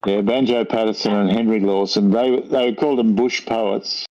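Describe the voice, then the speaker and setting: An older Australian man with a lowish voice talks casually and wanders through his thoughts, often stopping to correct himself. The recording is dull and lo-fi, with the top end muffled. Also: fairly even intonation, moderate pace, darkish tone. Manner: rambling, thoughtful, self-correcting. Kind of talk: casual conversation. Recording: dull lo-fi audio.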